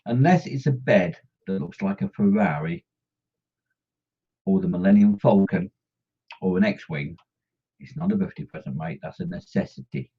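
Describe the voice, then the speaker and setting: With a deep, breathy voice, a middle-aged man talks at a moderate pace and pauses often while reading comments on his model-painting live stream. He jokes with and teases his viewers in chatty banter. The sound is dull lo-fi stream audio.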